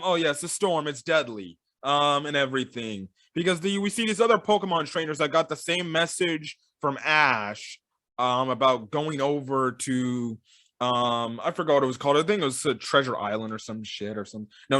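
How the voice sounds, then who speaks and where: A man's voice: fairly high pitch, moderate pace, sharp tone, no echo, clean studio sound. A man giving a casual, rambling film review, full of fillers and sarcastic asides.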